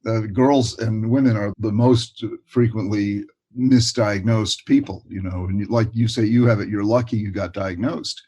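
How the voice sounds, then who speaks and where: An older man, a guest expert in a casual interview, talking with warm enthusiasm and often repeating words. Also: fairly low pitch, fairly even intonation, moderate pace, husky. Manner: warm, enthusiastic, repeats words and says "you know" a lot.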